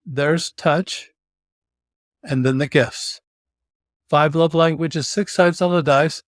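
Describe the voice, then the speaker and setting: A middle-aged man, a podcast guest, telling a personal story in an animated way and slipping into quoted voices. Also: a little high, no room sound, clean studio sound. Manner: animated, slips into mock voices and quoted lines.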